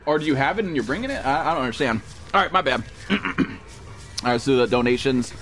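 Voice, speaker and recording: A man streaming a survival game live, cursing and yelling to his chat and teammates for help, then reading out donations. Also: medium pitch, expressive, fast talker, faint music behind. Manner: panicky, profane, yelling for help. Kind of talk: live gameplay commentary.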